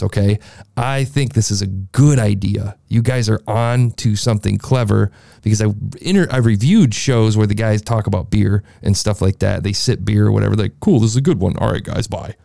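A man with a low, mellow voice and some vocal fry reviews a podcast, rambling enthusiastically and circling back over his own points. He's heard dry through a processed studio mic with a beefy sound.

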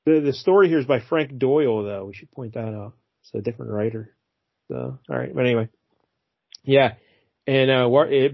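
A man's voice: medium pitch, moderate pace, gravelly, dry recording. A man hosting a podcast, chatting casually about comics in a rambling way and chuckling often. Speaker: podcast host. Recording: dry, slightly dull lo-fi mic.

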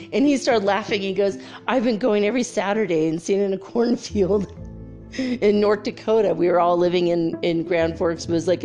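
Woman, middle-aged, lowish voice, candid animated storyteller, faint music behind. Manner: candid and animated, laughs often, acts out quotes. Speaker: spiritual storyteller. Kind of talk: casual spoken storytelling.

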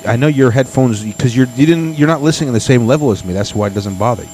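A man's voice: medium pitch, fast talker, a little mellow, a little hiss or hum. A man hosting a casual reaction show, rambling and profane, often restarting his sentences. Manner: rambling, profane, self-correcting. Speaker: host reacting to video clips.

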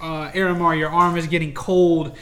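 Acting as game master, a man narrates a tabletop game, rambling with lots of fillers and restarts. His voice is on the high side and a bit bright, with a level tone and moderate pace, over slight background noise.

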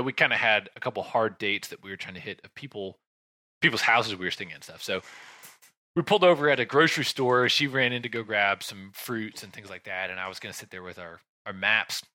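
A low-pitched man in his thirties with a very bright, forceful tone spins a casual, rambling story. He restarts sentences, sighs and drifts into asides. The sound is dry and close. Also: no room sound. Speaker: podcast host telling a travel story. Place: home room with a shelf behind him.

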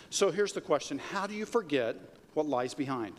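Preaching conversationally at a moderate pace with few pauses, a male pastor keeps asking the room "right?" and "okay?" His voice sits somewhat high for a man, and his words carry a long reverb from a big hall, with slight background noise.

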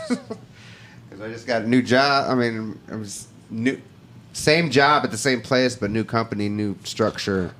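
A man's voice: mid-range voice, huge pitch swings, a little slow, a bit bright, a little hiss or hum. A man in his thirties co-hosting a casual podcast, laid-back, laughing and swearing about work and family. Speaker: podcast co-host. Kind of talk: casual chat.

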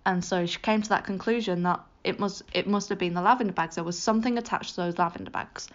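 A British woman hosting a podcast, telling spooky family stories in a chatty, animated way, often restarting and correcting herself. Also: lowish voice, quick pace, few pauses. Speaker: podcast host. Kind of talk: casual spooky storytelling. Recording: slightly muffled lo-fi recording.

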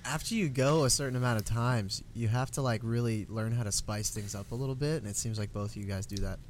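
A man's voice: medium pitch, quick pace. Podcast guy mostly saying yeah and wow, faint hiss in the background. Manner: brief encouraging listener replies. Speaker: podcast co-host. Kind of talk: casual podcast chat.

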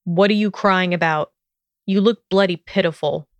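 A woman's voice: fairly low pitch, steady tone, normal speed, no echo, dull audio, close to an everyday voice. Draco, a woman voicing a sneering wizard. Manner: sharp, demanding and mocking. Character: arrogant, sneering young male wizard.

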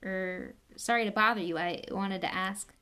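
A woman's voice: medium pitch, fairly even intonation, normal speed, pushed and bright, lightly acted. A woman reading aloud and voicing an anxious young boy wizard who stammers and blurts. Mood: hesitant. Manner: hesitant, then panicky.

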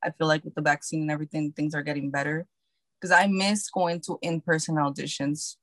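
A woman's voice: low-pitched, fairly even intonation, a little fast, no echo. A woman who works as an actor chatting casually, loose and repetitive with many fillers. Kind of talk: casual chat.

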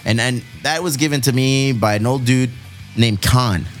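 A man's voice: mid-range voice, normal speed, soft background music. Laid-back Southern Californian man chatting. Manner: laid-back, profane, rambling with restarts. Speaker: podcast host. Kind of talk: casual podcast chat answering listener questions.

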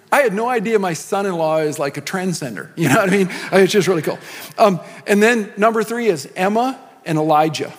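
A middle-aged man preaching a sermon as pastor, talking in a loose, joking way with many asides. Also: sits high. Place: large church hall. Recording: long hall reverb.

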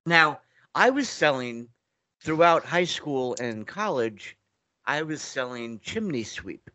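A man's voice: medium pitch, very animated, slow, sharp tone, no echo. A middle-aged man, a guest telling stories in a loose, rambling way, often restarting his sentences. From New York. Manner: rambling, restarts often, acts out quoted dialogue. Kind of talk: casual interview storytelling.

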